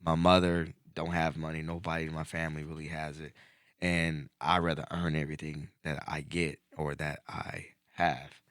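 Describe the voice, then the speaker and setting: A man hosting a podcast, telling a personal story in casual chat and getting animated as it builds. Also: rumbling low, moderate pace, dry recording, clean studio sound. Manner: animated storyteller, voice climbing when excited. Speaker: podcast host.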